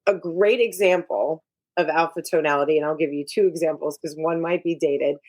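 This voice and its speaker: A woman's voice: deep voice, steady tone, fairly quick, a little mellow. A middle-aged woman, an executive coach, talking frankly and emphatically as a guest in a casual interview. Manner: frank and emphatic, giving advice.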